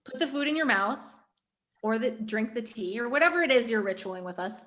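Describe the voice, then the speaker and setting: A woman hosting a workshop, gently and playfully guiding a group through a mindful-eating ritual over a video call. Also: on the high side, lively intonation, brisk. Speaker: workshop host.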